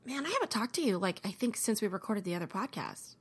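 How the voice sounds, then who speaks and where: A woman's voice: mid-range voice, sing-song, fast talker, slight background noise. A woman co-hosting a podcast, playful and teasing in casual chat. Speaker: podcast co-host.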